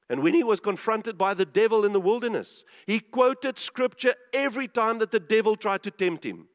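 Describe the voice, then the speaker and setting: A male preacher with a notably high voice delivers a sermon with emphasis, repeating phrases and asking the listeners questions. His words ring out with a long reverb.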